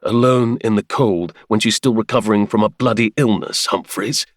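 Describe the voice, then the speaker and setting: Man doing a gruff, stern aristocratic lord. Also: lowish voice, fairly even intonation, moderate pace, no echo, clean studio sound, lightly acted. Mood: grim, stern. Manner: gruff, clipped, sarcastic.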